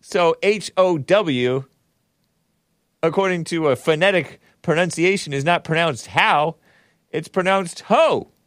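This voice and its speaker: Sardonic rambling man, lively pitch. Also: dry recording, clean studio sound. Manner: sardonic, rambling, spells words out letter by letter; laughs at his own jokes. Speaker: talk show host. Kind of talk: casual solo commentary reading super chats.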